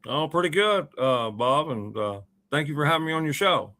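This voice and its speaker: This is a man in his sixties, a guest on a radio show, telling a long personal story in a loose, folksy manner. His voice sits a little high and sounds bright and forward, and he wanders through his sentences with plenty of uhs and ums. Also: expressive, moderate pace. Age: 60s. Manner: rambling, folksy, full of uh and um. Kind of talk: casual storytelling.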